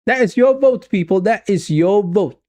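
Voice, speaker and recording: A man streaming live football watch-along commentary, chatty, repeating his phrases and calling his viewers "people", swinging between excitement and deflation. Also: high-pitched, moderate pace.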